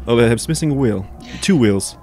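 A man's voice: medium pitch, very animated, measured pace, mellow, faint music behind. Teasing man giving backseat directions. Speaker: co-host watching gameplay. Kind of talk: casual gameplay banter.

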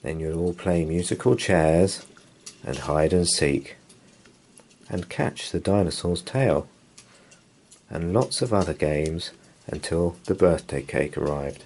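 A man reading a children's bedtime story aloud in a gentle, expressive way. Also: low voice, takes it slowly, long pauses.

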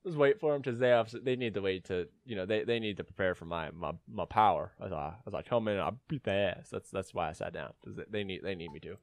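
A young man hosting a gaming video, boasting, joking and yelling at the game as he plays. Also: sits low, fast talker, few pauses, no echo. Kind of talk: gameplay commentary.

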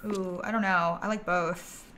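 A woman livestreaming a game, chatting casually and thinking aloud, with bursts of giggly excitement. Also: on the low side, unhurried. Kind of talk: casual gameplay commentary.

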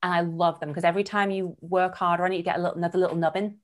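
Racing along in a fairly low voice, this workshop host is a woman in her thirties leading an online session on a video call. Her manner is candid and lively, and she performs quoted voices as she speaks.

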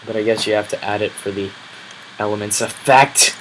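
A man giving casual commentary over his own gameplay, grumbling and bursting into loud exclamations when enemies attack. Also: lowish voice, monotone, quick pace, slight background noise, rough recording. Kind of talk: casual let's-play commentary.

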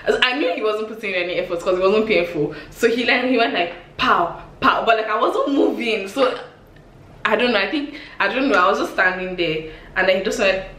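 A woman in her twenties with a Nigerian accent, telling embarrassing stories on her vlog in an animated, exclamatory way, laughing often. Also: mid-range voice, brisk. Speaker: vlogger. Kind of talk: storytime vlog. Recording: echoey room with faint hiss.

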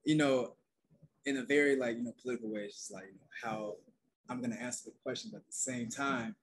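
Young man, soft and calm voice, relaxed guest talk, mid-pitched. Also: quick pace, slight background noise, rough recording. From North Carolina, USA. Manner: soft-spoken and relaxed, calls it his quiet storm voice. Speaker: guest, outdoor youth program founder. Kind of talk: casual panel conversation.

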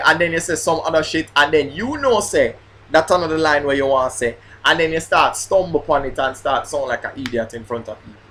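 A man's voice: a little high, expressive, a little fast, sharp tone, slight background noise. A man, a grime MC ranting in a casual vlog about flubbing his bars, swearing and repeating himself. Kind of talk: casual vlog rant while rehearsing bars.

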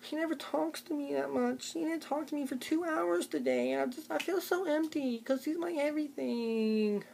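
A man's voice: very high voice, big pitch swings, normal speed, few pauses, a little mellow, slight background noise, pitched above the performer's own voice, heavily acted. A young man putting on the voice of a whiny, clingy young woman complaining about her boyfriend. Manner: whining, breathy.

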